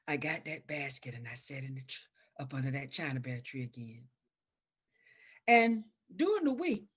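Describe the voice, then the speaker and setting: A woman telling a folk story to children, dramatic, dropping to a hush and then rising loud. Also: low voice, husky. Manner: animated, dramatic shifts between hushed and loud.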